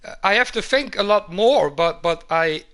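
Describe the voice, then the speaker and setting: Male streamer, high-pitched, halting and repetitive, casual chat. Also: expressive, fairly bright tone. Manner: halting, repeats words, says man a lot.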